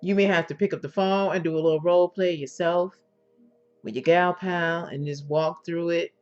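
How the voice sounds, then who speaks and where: A woman giving an instructional talk as an intimacy coach, in a sultry, drawn-out manner, often checking in with "okay?" and using endearments. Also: fairly low pitch, fairly even intonation, a little mellow. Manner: endearments to the listener. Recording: dull lo-fi recording with faint music.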